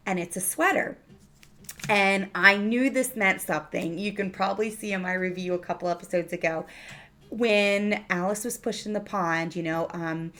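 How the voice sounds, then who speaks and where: A woman's voice: medium pitch, fairly bright tone. A woman reviewing a TV episode in a casual, chatty recap, full of fillers and restarts.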